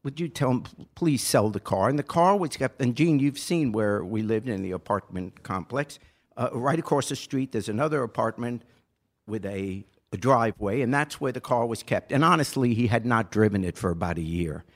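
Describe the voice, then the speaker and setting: A man's voice: mid-range voice, expressive, normal speed. An older man and podcast host telling a personal story in a casual, earnest way that grows impassioned and pleading.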